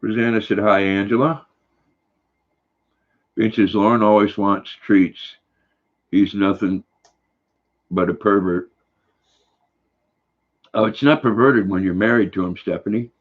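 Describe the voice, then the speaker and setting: A man's voice: lowish voice, steady tone, unhurried, long pauses. An older man, casually chatting on a livestream and reading out viewer comments in a folksy, rambling way. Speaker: livestream host. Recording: dull lo-fi recording.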